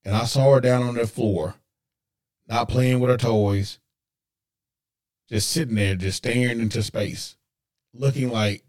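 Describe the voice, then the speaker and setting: A man's voice: medium pitch, fairly even intonation, a little slow, long pauses, darkish tone. A man hosting a podcast, telling a personal story earnestly and emotionally, with preacher-like asides to listeners he calls guys. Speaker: podcast host.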